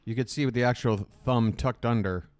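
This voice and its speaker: A man's voice: medium pitch, fairly even intonation, normal speed, darkish tone, clear, resonant tone, no echo. A man hosting a live reaction stream, chatting casually and joking, with a slight lisp and self-conscious asides.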